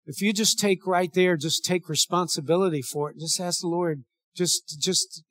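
A man's voice: sits high, steady tone, moderate pace, fairly bright tone, dry recording. A male pastor preaching a sermon and leading a prayer, earnest and pleading, often repeating his words.

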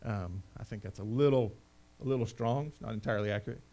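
A middle-aged man preaching a sermon as pastor, rising to loud proclamation and dropping to quiet conversational asides. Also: lowish voice, fast.

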